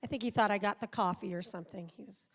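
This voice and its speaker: Chatty woman, gravelly voice, echoing auditorium. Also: medium pitch, fast talker. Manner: chatty, rambling anecdotes with quoted voices. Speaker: voice actor guest. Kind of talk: live panel interview. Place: large convention auditorium. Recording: live hall sound, long reverb.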